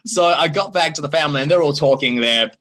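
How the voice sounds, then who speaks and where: A man's voice: a little high, fast. A man from Australia in his thirties, hosting a casual livestream chat with jokey, playful asides. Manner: animated, jokey, playful broken-English bits. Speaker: livestream host.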